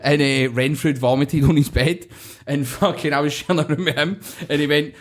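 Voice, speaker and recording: A man's voice: mid-range voice, steady tone, a little fast, hardly any pauses. Sweary Scottish man telling stories. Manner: sweary, laughing storyteller. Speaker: podcast host. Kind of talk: casual chat.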